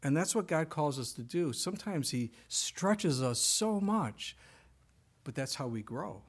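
A male pastor preaches earnestly and with emphasis. He uses rhetorical questions to draw in his listeners. His voice sits a little higher than most men's. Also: lively intonation, a little slow, husky. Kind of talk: sermon.

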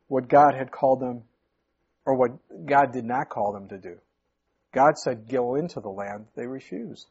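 A man's voice: medium pitch, a little mellow, husky. A male pastor preaching a sermon, emphatic, his voice rising sharply on key points. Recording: muffled lo-fi recording.

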